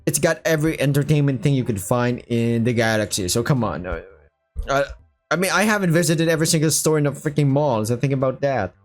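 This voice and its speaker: A man's voice: mid-range voice, expressive, brisk, faint music behind. A young man, reading a story aloud and breaking off for loose, joking side comments with casual swearing. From Philippines. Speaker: story reader and channel host.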